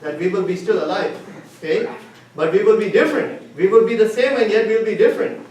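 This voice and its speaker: A man's voice: sits high, quick pace, a little mellow. A man teaching a Bible lesson, retelling a story and asking his listeners questions as he goes. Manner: retells stories with questions to the class. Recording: echoey room, far from the mic, faint hiss.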